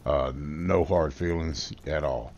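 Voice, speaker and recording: Brash deep-voiced man telling a roast story. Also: slow, darkish tone, dull audio. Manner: brash, trash-talking storyteller. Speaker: guest youtuber. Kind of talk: comedic story monologue.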